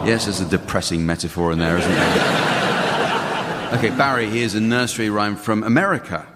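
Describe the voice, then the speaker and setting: A man hosting a comedy radio panel game, reading rhymes in a dry, deadpan way before a studio audience. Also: fairly low pitch, normal speed. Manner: dry, deadpan delivery of jokes. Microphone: studio microphone. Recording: radio studio with a live audience, some hall reverb.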